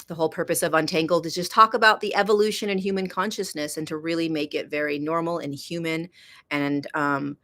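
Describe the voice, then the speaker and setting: Casting note: woman, livestream host, lowish voice, chatty and warm-hearted with viewers, drifts between hushed and excited. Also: brisk. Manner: chatty, greets viewers by name, swings from soft to excited. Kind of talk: casual spiritual livestream talk. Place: indoors in Kenya.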